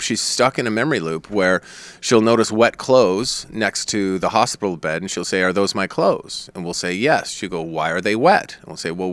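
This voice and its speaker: A low-pitched man tells a long story as a podcast guest. He rambles and acts out what others said, and the recording is dry and close. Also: dry recording. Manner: rambling, animated storyteller who quotes others. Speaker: comedian guest.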